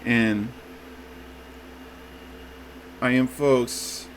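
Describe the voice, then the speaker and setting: A man's voice: mid-range voice, steady tone, very slow, a little hiss or hum, low-quality recording. A man giving a casual, rambling review of a movie trailer, often calling his listeners "folks" and restarting his sentences. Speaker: YouTube reviewer.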